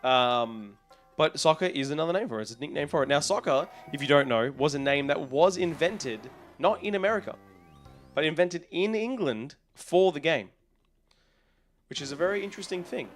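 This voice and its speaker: A man's voice: on the high side, expressive, moderate pace. Australian male streamer, easygoing and rambling, chats to viewers over faint game music. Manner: rambling, reads out and answers viewer messages. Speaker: livestreamer. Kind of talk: casual chat with live chat readers.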